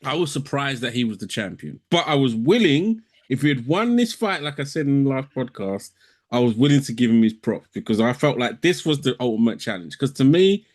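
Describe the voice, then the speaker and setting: A man's voice: medium pitch, very animated, a little fast. A young man, co-hosting a podcast, teasing and laughing often while he lays out long explanations. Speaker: podcast co-host. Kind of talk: casual banter.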